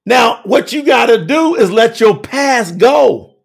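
A man preaching a sermon with emphasis, moving between shouted lines and quiet low asides. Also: animated, slow, vocal fry, husky.

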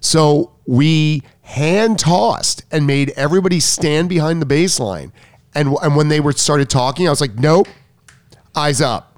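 A man's voice: on the high side, lively intonation, normal speed, dry recording. A middle-aged man, a tennis coach, chatting casually and rambling, often restarting sentences and acting out quotes. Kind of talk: casual chat.

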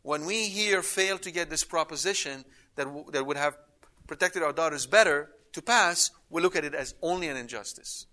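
A man's voice: a little high, moderate pace, pushed and bright. A man giving an emphatic Bible study lecture, reading scripture aloud with rising intensity. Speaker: Bible teacher.

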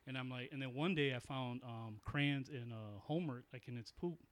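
A man's voice: medium pitch, moderate pace. A man in his forties telling long, rambling stories in casual chat, swearing freely and restarting his sentences often. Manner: rambling storyteller, profane, many restarts.

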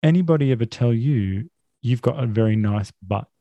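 A man voicing a smooth, flirtatious male neighbor in a smarmy tone. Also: mid-range voice, lively intonation, moderate pace, warm tone, dry recording, lightly acted.

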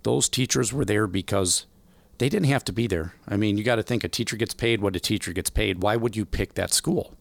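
A man in his forties from the American Midwest, telling stories in an interview, animated and acting out voices in the quotes. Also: lowish voice, brisk, creaky, no echo. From Illinois, USA. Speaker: guest. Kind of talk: storytelling interview.

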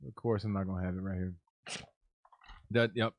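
A man's voice: low voice, fairly even intonation, a little fast, no echo. Blunt, profane man telling a story. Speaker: podcast co-host. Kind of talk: casual chat.

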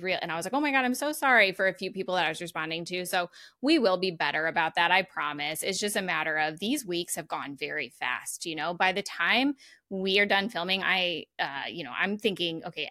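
A woman's voice: fairly low pitch, sharp tone, dry recording, clean studio sound. A woman co-hosting a casual podcast, chatty and laughing often, swearing casually. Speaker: podcast co-host. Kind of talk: casual chat.

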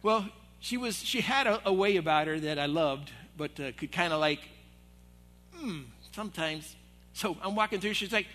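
A middle-aged male pastor with a high, bright, forceful voice. He tells a story to a men's group and slips into the voices of the people he quotes. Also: moderate pace. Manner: animated, acts out quoted voices. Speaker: assistant pastor. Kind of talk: storytelling sermon. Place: church hall.

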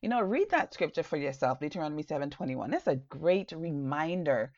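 A woman's voice: sits low, animated, brisk, a little mellow, no echo, highs cut off. A woman giving an earnest, encouraging sermon in a loose conversational way, with many fillers. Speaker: preacher.

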